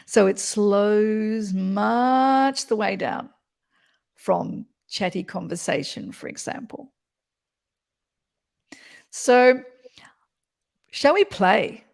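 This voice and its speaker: A woman voice coach talks through voice technique in a lively, expressive way. Her voice sits in a middle pitch with a gravelly, fry-tinged edge. She often slips into short demonstrations while she explains. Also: drawn-out words, long pauses. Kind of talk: explanatory interview chat.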